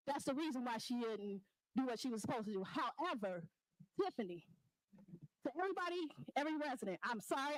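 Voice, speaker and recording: A woman with a high voice delivers a fervent public comment at a town meeting, speaking straight at officials and accusing them. She talks into a podium microphone, and the sound is close and dry. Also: dry recording, low-quality recording. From Chicago area, US. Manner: impassioned, accusing, addresses the mayor directly. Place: crowded meeting hall.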